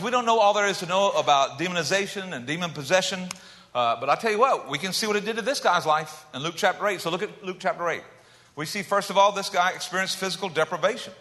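A man preaching a dramatic sermon, shifting between loud emphatic calls and hushed low asides. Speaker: pastor. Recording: long hall reverb.

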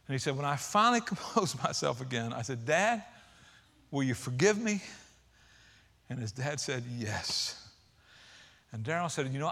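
Preaching at medium pitch, a man retells a story during a sermon, his delivery lurching between loud, emphatic outbursts and soft, hushed stretches.

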